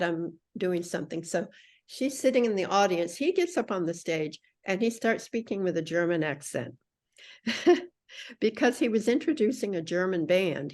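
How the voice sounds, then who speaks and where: Speaking as a podcast guest, a middle-aged woman shares a story from her own life in an animated way. Her somewhat low, slightly mellow voice shifts to mimic the people she quotes.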